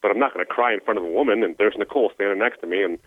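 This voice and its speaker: A man's voice: fairly low pitch, rapid-fire, a little hiss or hum. A middle-aged man telling his personal story as a guest, earnest and emotional, over a tinny phone line. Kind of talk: personal testimony.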